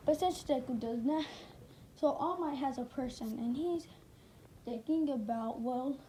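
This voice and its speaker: A woman's voice: high-pitched, measured pace, warm tone, slight background noise, poor audio. A woman casually narrating a fan story, rambling and forgetting details.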